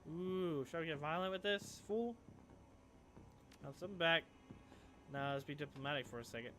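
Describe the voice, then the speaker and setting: A man's voice: a little high, moderate pace, sharp tone. A man casually reading game text aloud and joking as he plays. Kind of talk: let's play commentary.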